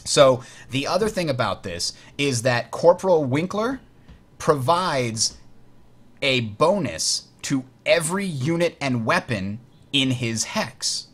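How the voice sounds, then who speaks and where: A man hosting a board game tutorial, explaining rules in a chatty way and muttering while he works the software. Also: mid-range voice, expressive, takes it slowly. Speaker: host teaching a board game. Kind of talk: casual tutorial over online play.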